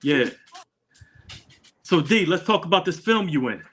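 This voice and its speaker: A man's voice: on the high side, expressive, a little slow, fairly bright tone, slight background noise. Laid-back man with joking banter. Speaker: podcast co-host. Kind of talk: casual podcast chat.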